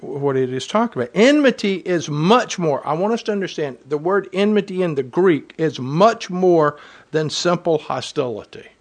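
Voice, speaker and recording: A man with a slightly higher-pitched voice delivers a sermon to his congregation. He reads Bible verses aloud and presses his points with earnest emphasis. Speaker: preacher.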